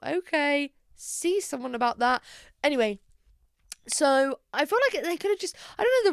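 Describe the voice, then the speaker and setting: A young woman vlogging in a casual chatty way, swearing freely, with quick asides and playful dramatic exclamations. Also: high-pitched, no room sound, studio quality. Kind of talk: casual chat to camera.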